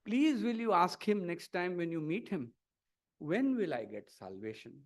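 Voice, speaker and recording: A man with an Indian English accent voicing a proud, devout Brahmin who is quick to take offence, in a told story. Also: high-pitched, big pitch swings. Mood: pleading. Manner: indignant and pleading by turns.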